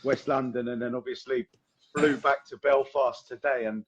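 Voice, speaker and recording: Hoarse man, podcast host, casual laddish chat, swearing, muffled video call sound. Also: mid-range voice, flat delivery, moderate pace. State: hoarse, tired voice.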